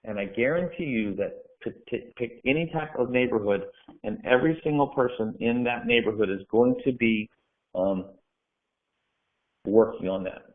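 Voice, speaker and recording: A man's voice: mid-range voice, moderate pace. A man giving direct, coaching real estate training, firing off rhetorical questions. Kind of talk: instructional talk to camera. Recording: phone-like narrow sound.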